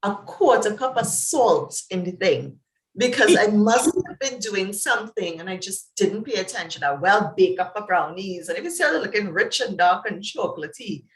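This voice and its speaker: Trinidadian lady psychologist chatting in an interview, animated storyteller, lots of pitch jumps, echoey room. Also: moderate pace. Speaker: psychologist guest. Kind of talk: conversational interview.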